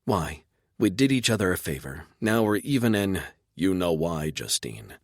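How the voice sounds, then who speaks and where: A man's voice: low-pitched, very animated, normal speed, no echo, studio quality. A man voicing a guarded, hurt young woman who answers curtly in an audiobook.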